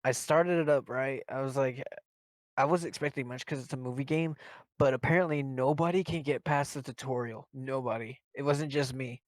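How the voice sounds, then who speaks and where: A man's voice: mid-range voice, fairly even intonation, moderate pace, no echo. Laughing joking man, dry mic. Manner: joking, laughs often, rambling game rant. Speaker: podcast co-host. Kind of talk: casual chat among friends.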